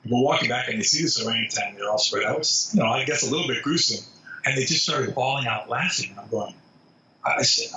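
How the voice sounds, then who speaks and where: Animated male storyteller on distant, roomy audio. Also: medium pitch, quick pace. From New York. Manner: animated anecdote-teller who acts out quotes. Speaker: zoo spokesman, guest. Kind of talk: storytelling in a podcast interview. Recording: dull, distant, roomy remote audio with faint hiss.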